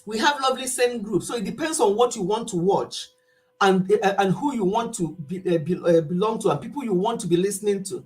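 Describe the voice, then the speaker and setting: A woman's voice: mid-range voice, fairly quick. A woman, old enough to be her viewers' mother, chatting casually with her live-stream viewers, laughing often and acting out the people she quotes. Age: older. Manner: animated, laughs often, quotes others in voices.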